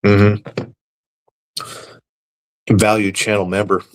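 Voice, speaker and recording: A man hosting a live stream, reading viewer comments aloud and answering them with deadpan, crude, mock-serious jokes. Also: fairly low pitch, drawn-out words. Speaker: livestream host reading chat. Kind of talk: casual live-stream banter.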